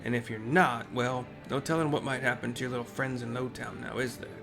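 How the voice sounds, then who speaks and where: A man's voice: medium pitch, steady tone, fairly quick, music in the background, close to an everyday voice. A man voicing a drunk imperial soldier who sneers and threatens. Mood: menacing. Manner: sneering, menacing.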